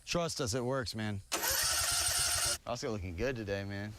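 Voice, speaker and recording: A young man vlogging with friends in casual, excitable chat, often shouting and laughing, recorded outdoors and in a vehicle. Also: lowish voice, normal speed. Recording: loud background noise.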